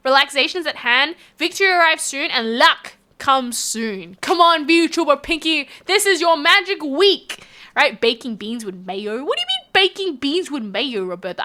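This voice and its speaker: This Australian woman's voice sits high as she chats casually on a live stream. She reads out viewers' messages with lots of giggles and animation.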